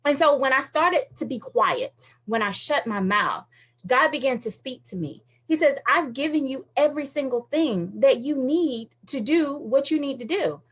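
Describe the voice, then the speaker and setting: A woman radio host telling a faith story in a casual, animated way, with lots of fillers and frequent laughter. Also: sits high, moderate pace, slightly rough. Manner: uses many fillers like "like" and "you know".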